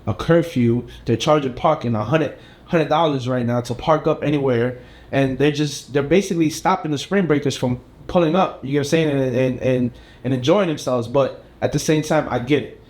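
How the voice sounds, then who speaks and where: A man's voice: medium pitch, moderate pace, a little mellow. A man co-hosting a podcast in casual chat, laid-back and rambling with filler phrases. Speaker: podcast co-host.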